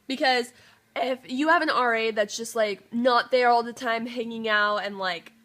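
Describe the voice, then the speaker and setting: A woman's voice: fairly high pitch, moderate pace, fairly bright tone. A young woman, a student, talking casually to camera in an application video, earnest and upbeat with frequent fillers. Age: young adult. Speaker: student applying to be a resident assistant.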